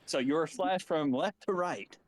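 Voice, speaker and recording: A man playing a tabletop game, playful and quick to laugh. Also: on the high side, no room sound. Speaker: player. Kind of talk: casual game chat.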